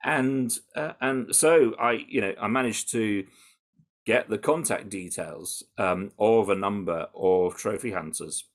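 A British man answering interview questions in an animated, conversational way, with frequent restarts and fillers. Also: lowish voice, a little slow. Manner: animated, full of restarts and "you know". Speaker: campaigner interviewed about undercover research.

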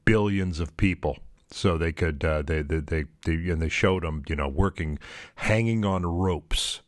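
A low-pitched man co-hosting a casual podcast, stumbling through his sentences with fillers and repeated starts. The sound is dry and close, with no room around it. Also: no echo. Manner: halting, many restarts and fillers. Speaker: podcast co-host. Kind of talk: casual chat.

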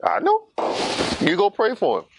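A man acting out a calm, commanding divine figure who gives firm, insistent orders. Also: sits high, normal speed, noisy background, pitched above the performer's own voice. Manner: firm, insistent, matter-of-fact.

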